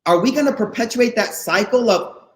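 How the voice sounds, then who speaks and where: A man giving a casual, slang-filled faith talk to college students, animated and repeating phrases for emphasis. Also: sits high, moderate pace. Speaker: guest speaker at a faith session for students. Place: online session, room not known. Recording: roomy echo.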